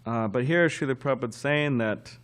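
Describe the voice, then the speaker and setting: A man giving a scripture class at a temple, telling a story in a halting, conversational way. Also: mid-range voice, a bit bright, smooth. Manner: halting and conversational, often restarting.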